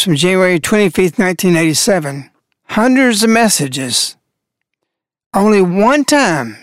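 A radio host giving an earnest devotional talk, slowing down to stress key words. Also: medium pitch, no room sound, clean studio sound.

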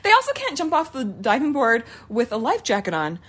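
A woman co-hosting a podcast in casual chat, chatty and quick to react. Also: fairly high pitch, huge pitch swings, fairly bright tone, slightly rough. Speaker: podcast co-host.

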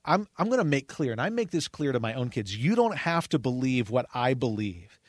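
A man's voice: mid-range voice, very animated, brisk, dry recording, clean studio sound. A man in his forties, a pastor co-hosting a radio talk show, speaking earnestly and often repeating words as he starts a thought.

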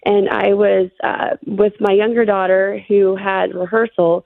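Gravelly-voiced woman on a phone line. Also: medium pitch, flat delivery, no room sound. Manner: shaken, halting, with many fillers. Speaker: interview guest. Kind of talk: telling a personal story. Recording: phone-line interview audio.

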